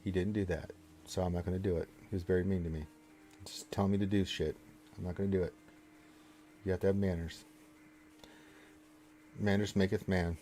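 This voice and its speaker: Playful, teasing streamer with a lowish voice. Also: male voice, level tone, a little fast, long pauses, warm tone, slight background noise. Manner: playful, mock-stern teasing. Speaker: game streamer reading chat. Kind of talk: casual live-stream chat.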